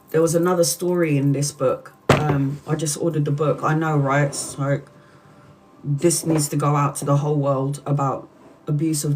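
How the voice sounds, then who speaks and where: A woman's voice: deep voice, darkish tone. A woman, a tarot reader earnestly retelling a harrowing story from a book on a live stream, with many restarts.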